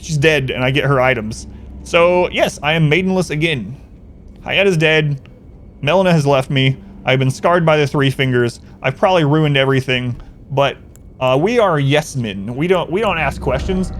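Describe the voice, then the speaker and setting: A man's voice: on the high side, slight background noise. A man chatting casually on a game stream, rambling through a story and answering chat.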